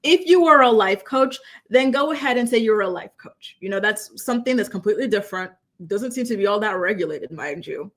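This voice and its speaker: Brief: young woman commentator, casual and emphatic, somewhat high pitch, talks straight to camera indoors. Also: fairly bright tone. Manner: chatty, emphatic, rhetorical questions. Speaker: commentary channel host.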